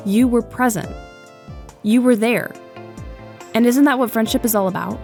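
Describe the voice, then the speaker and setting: A woman's voice: on the high side, normal speed, music in the background. A young adult woman giving earnest, reflective scripted narration for a video essay, with playful asides.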